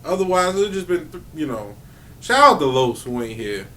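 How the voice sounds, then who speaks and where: Man, podcast co-host, joking banter, high voice, distant mic, faint noise. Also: sing-song, a little fast. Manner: joking, laughs often, loud outbursts. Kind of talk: casual banter among friends.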